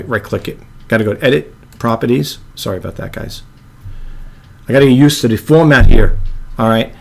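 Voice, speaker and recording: A man with a low monotone voice, hosting a casual video editing tutorial and rambling with apologetic asides. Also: gravelly. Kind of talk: casual screen-recorded tutorial.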